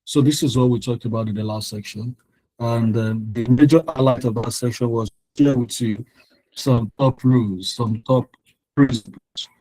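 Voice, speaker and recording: A man's voice: mid-range voice, fairly even intonation, normal speed, mellow, no echo, rough recording. A male tutor explaining exam material in an online lesson, sharing his screen, repeating phrases with frequent ums and restarts.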